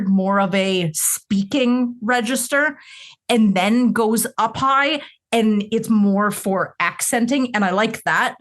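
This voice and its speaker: A young woman co-hosting a music podcast, talking in a chatty, expressive way. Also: on the high side. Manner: chatty and expressive, with frequent fillers. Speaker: podcast co-host. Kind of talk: casual chat.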